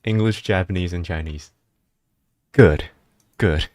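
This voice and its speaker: A male streamer chatting casually on a live stream, rambling and excitable, with frequent restarts. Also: unhurried, no room sound, studio quality. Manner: excitable, rambling, breaks into laughter and high-pitched disbelief.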